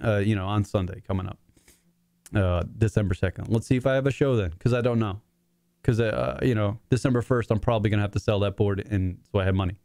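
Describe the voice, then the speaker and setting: A man in his forties hosts his own talk show from his apartment, delivering an emotional, casual monologue. His voice sits on the low side and is a little mellow, captured as a dry, studio-quality recording. He rambles and swears while choked up, fighting back tears.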